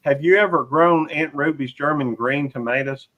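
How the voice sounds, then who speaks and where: A man's voice: on the high side, moderate pace. A man joining a casual live-stream chat, talking in an easygoing, chatty way. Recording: dull lo-fi sound.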